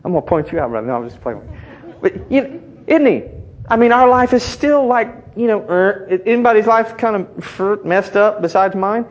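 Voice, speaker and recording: A man's voice: high voice, lively intonation, moderate pace. A middle-aged man preaching a sermon, talking conversationally and teasing the congregation with call-and-response. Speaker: pastor.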